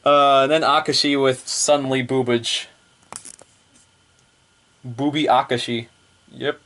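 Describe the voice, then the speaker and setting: A man's voice: mid-range voice, steady tone, slow, fairly bright tone. A man casually reviewing a magazine, rambling, laughing often and repeating the same fillers.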